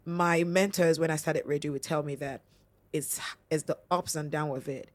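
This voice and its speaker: A woman with a Nigerian accent, a radio host talking as a podcast guest in an animated way. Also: deep voice, moderate pace. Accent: Nigerian English. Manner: animated, acts out radio announcer voices. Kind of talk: casual podcast chat.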